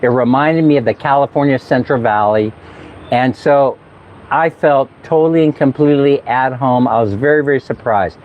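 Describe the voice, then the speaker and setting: A man's voice: mid-range voice, moderate pace, a little hiss or hum. Chatty man vlogging on a city street. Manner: chatty, laughs often, mimics people for fun. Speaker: travel vlogger. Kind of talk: casual travel vlog. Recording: slightly dull outdoor recording.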